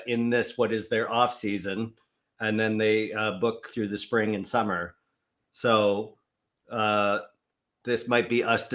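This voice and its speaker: A man hosting a live paranormal show, asking questions and pausing often with fillers. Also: mid-range voice, a bit bright. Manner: hesitant, many fillers. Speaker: host.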